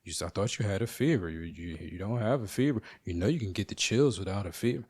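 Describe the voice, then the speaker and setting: A man mimicking a brisk, dismissive male nurse. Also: fairly low pitch, darkish tone, husky.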